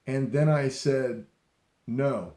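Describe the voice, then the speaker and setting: A man's voice: mid-range voice, lively intonation, slow, mellow. Laid-back storytelling man, echoey room. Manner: rambling, emphatic, laughs often, frequent restarts. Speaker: speaker sharing leadership stories. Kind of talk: casual storytelling talk.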